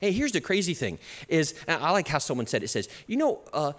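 A man preaching a sermon as pastor, animated, with chuckles and shifts in pace. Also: on the high side, a little fast. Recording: long reverb of a hall.

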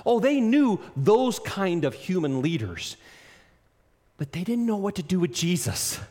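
A man preaching a sermon in an animated, emphatic way, speaking directly to his listeners. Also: high-pitched, unhurried, long reverb tail.

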